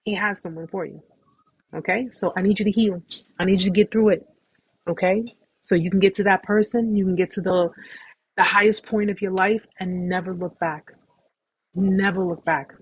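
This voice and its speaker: Woman, husky breathy voice, dry close sound, chatty live-stream host, repeats herself, reassuring. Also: mid-range voice, fairly even intonation, moderate pace, dry recording. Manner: warm, effusive, repetitive reassurance; talkative, rambling with restarts. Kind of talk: casual live-stream sign-off talk.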